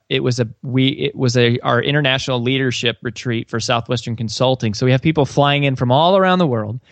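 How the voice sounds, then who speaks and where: A man's voice: medium pitch, no echo. A man being interviewed as an author and business coach, telling stories earnestly with plenty of fillers and restarts. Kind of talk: conversational interview answer.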